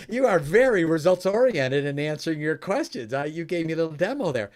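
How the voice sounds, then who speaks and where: A man telling a story in conversation, animated and laughing often, his voice jumping high when excited. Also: brisk, hardly any pauses. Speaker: coach and former radio host.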